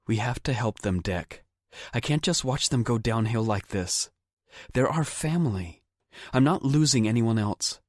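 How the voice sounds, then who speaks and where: A man's voice: medium pitch, animated, unhurried, no echo, studio quality, pitched above the performer's own voice. A man voicing a stubborn teasing young woman. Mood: pleading. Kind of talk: audiobook character voice.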